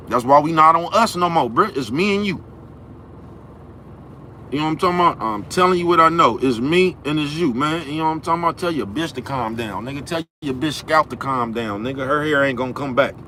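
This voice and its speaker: On the high side, his voice is bright and forceful as the livestream host rants profanely outdoors in the cold by traffic, with slight background noise. He repeats himself and keeps asking "you know what I'm talking about."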